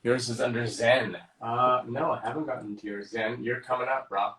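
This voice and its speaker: A man's voice: medium pitch, fairly even intonation, moderate pace, noisy background. Canadian guy on a livestream, playful, chatting and reading out fan messages. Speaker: livestream host signing autographs. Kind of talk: casual livestream chat.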